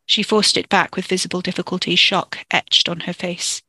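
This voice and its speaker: A storyteller reading a dark fiction chapter in a steady, measured way into a close microphone. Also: mid-range voice, slightly rough, no echo. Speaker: podcast storyteller. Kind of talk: audiobook-style fiction narration.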